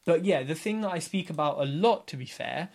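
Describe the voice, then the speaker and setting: A man's voice: on the high side, fairly quick. A man in his thirties chatting casually as a podcast guest, telling stories and acting out other people's lines. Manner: animated storyteller, acts out others' lines.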